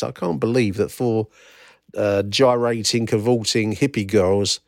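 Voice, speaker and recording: A man with a lowish voice hosts a solo football history podcast, recorded cleanly in a studio with no room sound. Wry and rambling, he reads out old newspaper reports with lots of fillers and restarts.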